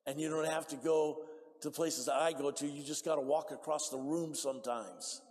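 A man preaching a sermon in a church, emphatic and calling for amens, rising to shouts and dropping to hushed appeals. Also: a little high, normal speed. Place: church sanctuary. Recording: long hall reverb.

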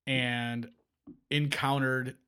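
A man hosting a casual podcast, telling stories in a rambling, animated way, with frequent restarts, into a podcast microphone. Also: mid-range voice, very slow, clean tone. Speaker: podcast host. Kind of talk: casual chat.

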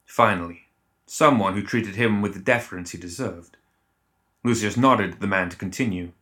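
A man narrating an audiobook in a measured, even storytelling manner. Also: on the low side.

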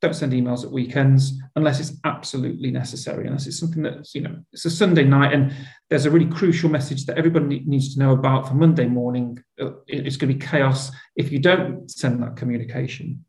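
A man's voice: medium pitch, fairly even intonation, fast talker, darkish tone, roomy sound. A man, a school leader talking earnestly in an interview conversation. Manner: earnest, reflective, with frequent restarts.

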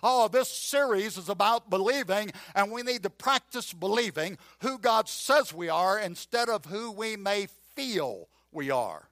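A man preaching a sermon as pastor, emphatic and animated, repeating key phrases and acting out doubting voices. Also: high-pitched, unhurried, hardly any pauses, dry recording, studio quality. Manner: acts out voices of a doubting listener and a drawling Gideon.

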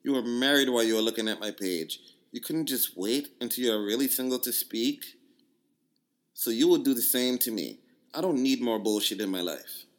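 A man's voice: mid-range voice, animated, normal speed, natural voice. A man voicing a blunt, distrustful woman with a put-on Jamaican accent, reading out her curt, scolding text messages.

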